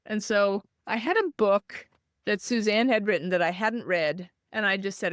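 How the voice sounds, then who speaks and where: A woman guest telling a personal story in an interview, animated and acting out the voices she quotes. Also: medium pitch, unhurried, clear, resonant tone, no echo, studio quality. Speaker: guest author.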